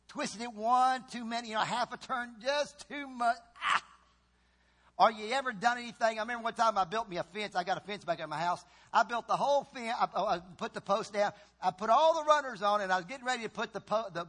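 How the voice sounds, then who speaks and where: A man preaching a sermon in a church, swinging from quiet, slow lines to shouted cries and groans as he acts out voices from his story. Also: sits high, lively intonation. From Virginia. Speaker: pastor.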